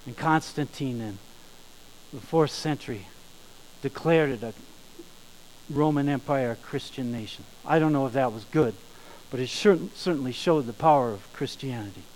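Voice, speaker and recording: A man preaching a sermon, emphatic, slowing down and rising in volume on key phrases. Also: mid-range voice, a little mellow, a little hiss or hum, poor audio. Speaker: pastor.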